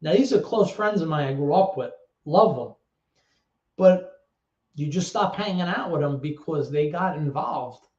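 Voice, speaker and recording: New York accent, man, somewhat high voice, rambling and profane, echoey room, muffled lo-fi audio. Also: animated, unhurried, a little mellow. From the Bronx, New York. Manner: rambling, profane, many restarts and fillers. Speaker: guest. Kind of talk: casual personal storytelling. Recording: roomy, dull lo-fi sound.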